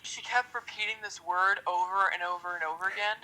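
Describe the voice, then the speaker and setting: A young woman, a podcast guest, telling stories in an animated way and laughing along. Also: fairly low pitch, brisk, rough recording. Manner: animated storyteller who laughs. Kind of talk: casual chat.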